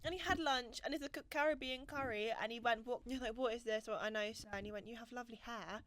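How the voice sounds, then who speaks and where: A young woman, co-hosting a casual podcast chat and telling stories in an animated, giggly way. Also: a little high, quick pace, no echo. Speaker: podcast co-host.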